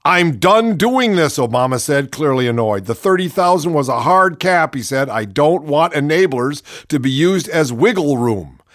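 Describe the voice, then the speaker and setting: A man's voice: medium pitch, lively intonation, normal speed, few pauses, no echo. Male host reading a book aloud with sarcastic interjections, dry close sound. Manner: sarcastic, mocking asides.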